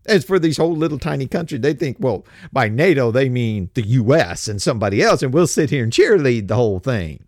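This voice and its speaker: A man's voice: mid-range voice, sing-song, a little fast, hardly any pauses, darkish tone, no echo, studio quality. An older man hosting a political commentary show, talking in a blunt, coarse and mocking way and laughing often as he makes fun of things. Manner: blunt, coarse street talk. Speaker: host.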